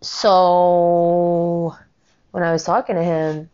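A woman's voice: very slow, clean tone, muffled recording. A woman in her forties in a casual, profane, angry monologue, acting out other people's lines as she retells a story. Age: 40s. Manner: profane, animated, quotes people in lowered voices.

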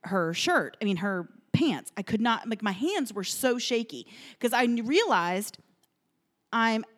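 Female podcast co-host, casual storyteller, emotional and animated, chatty with fillers, recorded at a home kitchen table. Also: on the high side, measured pace.

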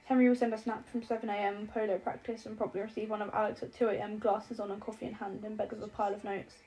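A woman's voice: medium pitch, little pitch movement, fast talker, mellow, low-quality recording. A woman narrating an audiobook with a wry, lightly comic delivery. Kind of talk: scripted narration.

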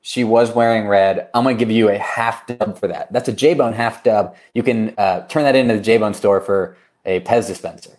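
A man co-hosting a casual podcast, joking around while he reads reviews and runs through shout-outs and giveaways. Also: on the low side, normal speed, hardly any pauses. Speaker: podcast co-host. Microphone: remote recording.

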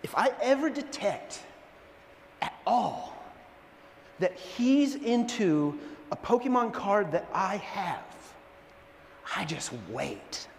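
A man's voice: high-pitched, expressive, slow, creaky, long pauses, slight background noise, heavily acted. A man voicing his clever young daughter as she slyly explains a scheme, in a hall with long reverb.

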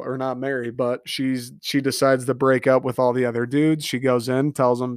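A young man riffs on a dating show in a casual podcast recap, sarcastic and profane, tossing out mocking asides. His voice sits in a middle pitch. The sound is dry and close, with no room around it. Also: flat delivery, normal speed, few pauses, clean tone, no room sound. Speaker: podcast host.

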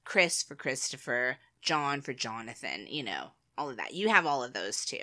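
An American woman co-hosting a podcast, chatting casually, laughing often and explaining things slowly. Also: a bass voice, very animated, sharp tone. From United States. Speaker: podcast co-host. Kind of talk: casual chat.

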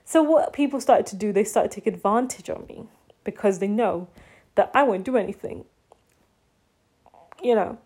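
A woman's voice: mid-range voice, moderate pace, pauses often, mellow, husky. A young woman vlogging in a casual, confessional monologue, rambling and full of fillers like "like" and "you know.".

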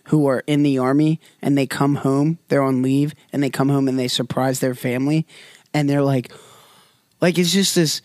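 A man's voice: medium pitch, fairly even intonation, normal speed, a little mellow, dry recording, studio quality. A young man co-hosting a casual Bible discussion, chatty and hesitant as he reads aloud with restarts. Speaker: co-host.

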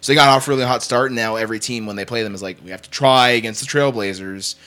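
A young man in casual sports talk, arguing his opinions in quick runs full of "like". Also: mid-range voice, pushed and bright. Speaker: podcast co-host.

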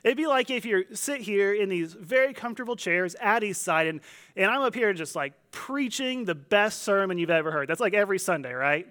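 Pastor, male, high voice, relaxed conversational preaching with playful asides. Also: brisk. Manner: conversational, joking, animated quoting voices. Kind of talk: sermon.

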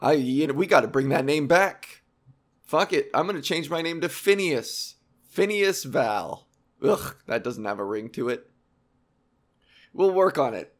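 A man's voice: fairly high pitch, animated, measured pace. A young man hosting a casual explainer monologue, rambling and sarcastic, with profane asides. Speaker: video host.

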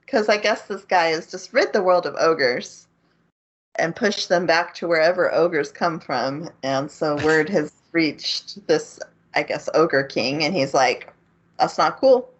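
A woman with a low-pitched voice, heard on a muffled recording, co-hosts a casual podcast and unhurriedly retells an anime plot. She laughs often as she recaps the story.

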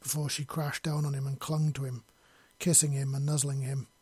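A man narrating a fantasy story in a steady, measured read. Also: mid-range voice, slightly rough, no room sound.

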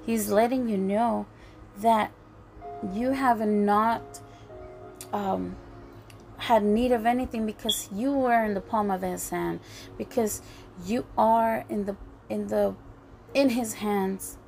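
A woman preaching a sermon in an earnest, halting way, often restarting her phrases. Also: medium pitch, fairly even intonation, vocal fry, a little mellow. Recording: faint music behind.

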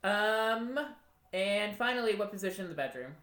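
A man's voice: sits high, animated, moderate pace, bright, forceful tone, roomy sound. A man co-hosting a podcast, chatting casually with playful, joking banter. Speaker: podcast co-host.

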